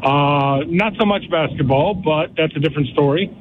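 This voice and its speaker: A man's voice: a little high, normal speed, a little hiss or hum. An older man calling in to a sports radio show, earnest and eager, repeating himself as he talks. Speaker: caller. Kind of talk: phone-in call. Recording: tinny phone line.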